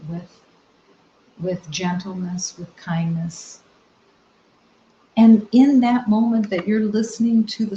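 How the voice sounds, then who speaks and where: Slow, gentle woman spiritual teacher. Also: medium pitch, slight background noise. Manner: gentle, soft-spoken, with long reflective pauses. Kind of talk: slow meditative spiritual talk. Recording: roomy, slightly dull recording.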